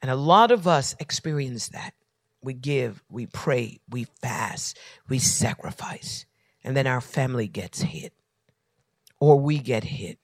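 A man preaching a sermon. He swings from near-whispers to shouting and leans on repeated refrains. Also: mid-range voice, expressive, measured pace, no room sound, studio quality. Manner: repetitive preaching cadence. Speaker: pastor.

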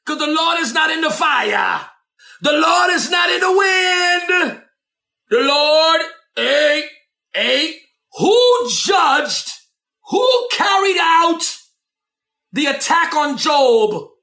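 A man preaching a sermon, shouting and dramatic, with asides to the congregation. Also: very high voice, sing-song, extremely slow, roomy sound.

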